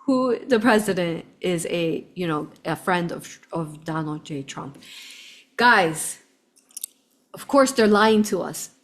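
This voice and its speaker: Speaking slowly but animatedly, a woman with a lowish voice shares a travel tale with her audience. The spiritual vlogger rambles with fervor in this casual piece to camera, repeatedly calling her viewers "you all."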